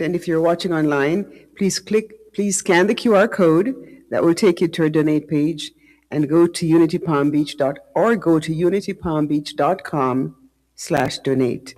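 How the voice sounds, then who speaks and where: A man's voice: fairly high pitch, normal speed, a little mellow, rough recording. A man leading a church service, thanking the speaker and announcing the offering in an upbeat way. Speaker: service leader. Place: church sanctuary.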